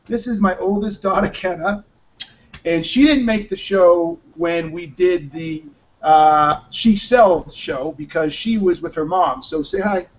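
A man with a high-pitched voice hosts a casual live talk show, speaking unhurriedly. Worn out from too little sleep, he rambles bluntly and drops the occasional swear word. The audio is muffled and lo-fi.

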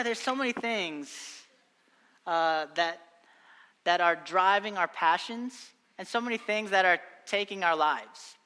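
A man's voice: high voice, pushed and bright, clear, resonant tone, in a large hall. A young adult man preaching a sermon, earnest and exhorting, often repeating phrases for emphasis. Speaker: pastor.

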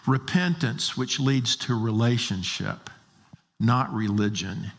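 A man preaches at a middle pitch, pressing his points with rhetorical questions. His voice rings with the long reverb of a large hall. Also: takes it slowly. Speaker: pastor. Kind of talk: sermon.

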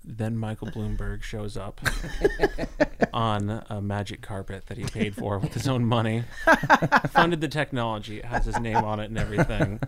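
A man's voice: on the low side, lively intonation, moderate pace, crowd noise. A man appearing as a podcast guest comedian, improvising a comic story in a hesitant way with many fillers.

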